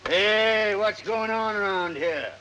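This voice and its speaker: A man's voice: sits high, slow pace, pushed and bright, slight background noise, heavily acted, rough recording. An older actor playing a stern, hot-tempered plantation-owning grandfather in a 1930s film, barking his words. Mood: gruff scolding. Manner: gruff, barking. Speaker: estranged grandfather.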